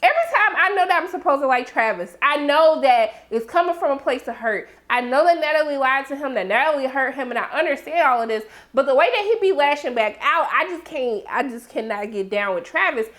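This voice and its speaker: A woman giving a sassy, animated TV episode recap, yelling in bursts and acting out characters' lines, with a sore throat. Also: high voice, brisk, few pauses. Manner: sassy, loud outbursts, acts out characters. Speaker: TV recap reviewer.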